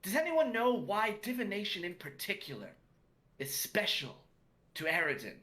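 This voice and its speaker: A man's voice: high voice, big pitch swings, normal speed, pushed and bright, voice pushed up, exaggerated voice. A man voicing a patient, wry male magic teacher who lectures his class. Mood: lecturing.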